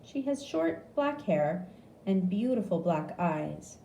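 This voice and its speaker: Woman narrator for learner audiobook: slow, lively, mellow tone, echoey room. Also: lowish voice. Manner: slow, clear, expressive reading. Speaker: reader. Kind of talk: graded reader audiobook narration. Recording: echoey room with faint ambience.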